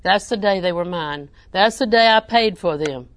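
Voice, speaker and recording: A woman preacher, delivering a sermon with animated emphasis that rises to near-shouting. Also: mid-range voice, normal speed, dry recording.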